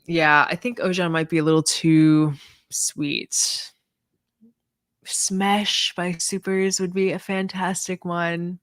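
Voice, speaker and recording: A woman hosts a laid-back livestream, answering viewer questions one after another. She talks in a loose, rambling way, stacking "like" and "um" as she thinks aloud. Her voice sits a little low and sounds close and dry, with almost no room around it. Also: little pitch movement, takes it slowly, no room sound. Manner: chatty, filler-heavy, lots of "like" and "um". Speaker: fragrance reviewer hosting a livestream. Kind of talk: casual livestream Q&A answering chat.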